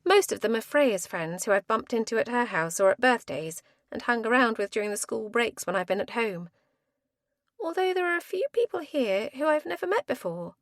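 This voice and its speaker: A woman narrating a first-person thriller audiobook in a lively, expressive reading. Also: fairly high pitch, moderate pace, no room sound, studio quality.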